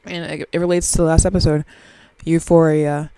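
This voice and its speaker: A woman's voice: low voice, flat delivery, a little fast, warm tone, smooth, no echo, low-quality recording. Rambling woman in her twenties. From Southern US. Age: 20s. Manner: rambling, profane, self-mocking. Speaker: podcast host. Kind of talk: casual solo podcast chat. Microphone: very close to the microphone.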